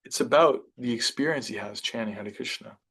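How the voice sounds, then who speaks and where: Man teaching a relaxed scripture class. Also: medium pitch, a little fast, slightly rough. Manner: conversational, reflective, with restarts and softer asides. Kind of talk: reading and explaining scripture to a class.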